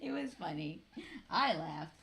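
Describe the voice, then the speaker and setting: A woman's voice: fairly low pitch, sing-song, measured pace, gravelly, fairly bright tone. A woman in her thirties from Florida, chatting casually to camera as a vlogger, laughing often and swearing freely.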